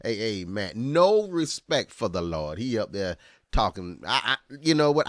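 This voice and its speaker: A man, a pastor, giving casual commentary as he reacts to clips, animated and often exclaiming. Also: lowish voice, measured pace, no room sound, clean studio sound.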